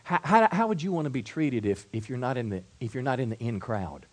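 A middle-aged pastor delivers a sermon from the pulpit. His voice sits at an ordinary male pitch, and he often restarts, repeating words on the way into a question. He drops to soft, low asides, then builds to loud, emphatic stretches. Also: expressive, brisk. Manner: varies loudness widely, soft asides to loud build-ups.

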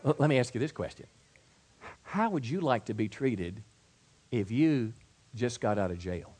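A middle-aged man preaching a sermon, stumbling and repeating words, swinging from soft asides to loud build-ups. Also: mid-range voice, animated, normal speed, husky. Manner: repeats words and restarts, acts out quoted voices. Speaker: pastor.

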